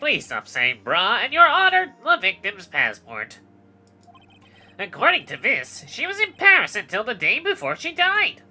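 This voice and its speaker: A woman's voice: a little high, huge pitch swings, a little slow, sharp tone, soft background music, exaggerated voice. A woman doing a stiff pompous prosecutor. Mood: formal. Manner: formal, theatrical.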